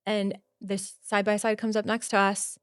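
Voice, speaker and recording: A woman guest on a podcast telling a personal story in casual talk, animated and full of "like" fillers. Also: mid-range voice, normal speed, clear, resonant tone, no room sound, studio quality. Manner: animated, acts out quotes, many "like" fillers.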